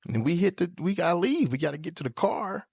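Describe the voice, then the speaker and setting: A man hosting a podcast, joking through a comedic monologue with sudden leaps into high squeaky tones. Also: animated, quick pace, vocal fry, a little mellow, breathy edge, no room sound, studio quality. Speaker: podcast host.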